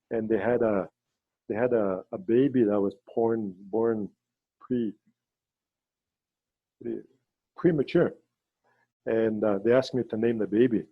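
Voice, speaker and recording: A man leading a ceremony, telling stories in a halting way with many fillers and restarts, over a video call. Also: fairly even intonation, no room sound, phone-quality sound. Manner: halting, with many fillers and restarts, voices quoted people in a higher pitch. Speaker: ceremony leader and storyteller. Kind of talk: storytelling talk on a video call.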